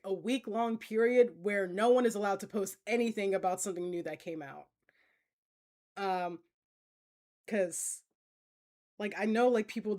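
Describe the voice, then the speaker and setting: Chatty woman streamer reading chat. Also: medium pitch. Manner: chatty, laughs often, many fillers. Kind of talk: casual Q&A reading chat comments.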